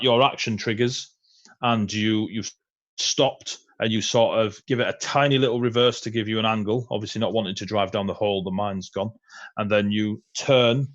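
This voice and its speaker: A man narrating a tabletop game as game master, relaxed and chatty, with frequent ums and laughs. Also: fairly low pitch, muffled recording. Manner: relaxed, laughing often, many ums and uhs.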